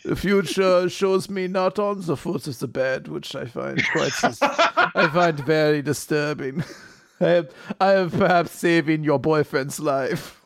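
A man voicing a big, lumpy male dog that speaks in a slow, formal, musing way, as a comedy podcast bit. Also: a little high, gravelly, a bit bright, dry recording, clean studio sound. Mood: lofty musing.

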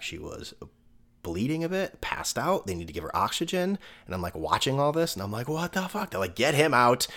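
In a mid-range voice, the young podcast host casually recounts a personal story, laughing between thoughts and dropping the occasional swear word.

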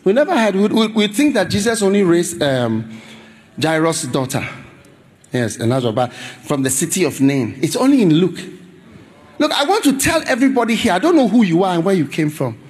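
A man preaching a sermon in an animated, pleading way, often breaking into shouts. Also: sits high, brisk, slightly rough. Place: large church hall with congregation. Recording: church hall reverb, live crowd.

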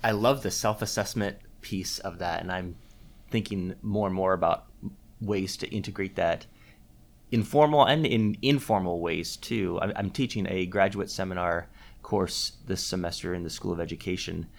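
Male host and educator, somewhat low voice, casual, thinking aloud. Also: moderate pace, gravelly. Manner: engaged, musing, with restarts. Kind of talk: conversational podcast interview.

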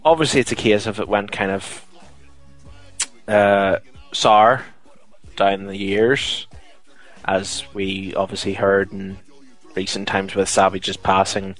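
A man's voice: low-pitched, slow, faint music behind, rough recording. A man co-hosting a casual podcast, telling stories with lots of fillers. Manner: chatty, steady storytelling with many fillers. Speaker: podcast co-host. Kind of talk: casual chat.

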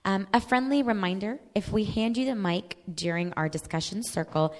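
A woman organizer giving polite, measured announcements to a congregation. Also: fairly low pitch, darkish tone. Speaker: event organizer. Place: mosque prayer hall. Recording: long hall reverb.

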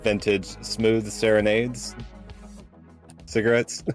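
A man taking part in a tabletop role-playing game, speaking slowly and unhurriedly. He has a relaxed manner. Faint music plays in the background. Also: on the low side. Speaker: player. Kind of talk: casual tabletop play.

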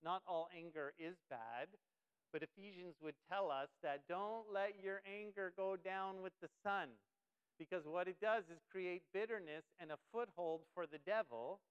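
A pastor preaching a sermon, emphatic and lively, who acts out quotes from daily life. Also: male voice, sits high, unhurried, smooth, dull audio.

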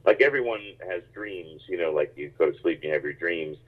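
A man who grew up in the United States, a stand-up comedian telling rambling, animated stories in a casual interview. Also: low-pitched, brisk. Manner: animated, rambling anecdotes with many restarts. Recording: tinny phone-like line.

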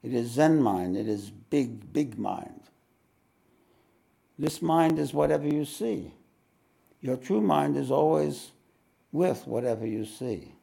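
Gravelly New spiritual teacher. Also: male voice, medium pitch, animated, takes it slowly, long pauses, mellow. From New York. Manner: reflective, with wry joking asides. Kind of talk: live satsang talk with readings. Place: ashram meeting hall.

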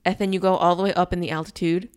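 A woman's voice: flat delivery, racing, clean tone. A young woman casually recapping a movie in chat, often acting out characters' lines. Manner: chatty, acts out characters' lines with rising pitch.

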